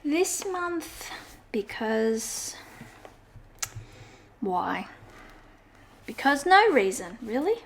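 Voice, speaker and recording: A woman talks through her journal decorating in a relaxed, sing-song chat, often circling back with fillers and restarts. Her voice sits a little high and carries a gravelly fry. She takes her time, unhurried and slow. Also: slight background noise. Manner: chatty, meandering, with frequent fillers and self-corrections. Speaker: journaling vlogger. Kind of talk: casual crafting chat.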